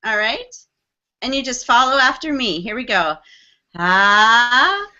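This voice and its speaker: A woman's voice: a little high, lively intonation, normal speed, pushed and bright, dull audio. A woman panel guest in a playful put-on Indian accent, cheerfully leading laughter yoga. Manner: playful, cheerful, call-and-response.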